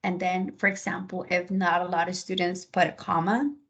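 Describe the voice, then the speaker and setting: Husky lady teacher doing a conference talk, chatty, lots of "you know"s. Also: fairly low pitch, moderate pace, low-quality recording. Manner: conversational, many fillers and "you know"; models classroom directions in a lively teacher voice. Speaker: bilingual teacher presenter. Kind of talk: conference presentation.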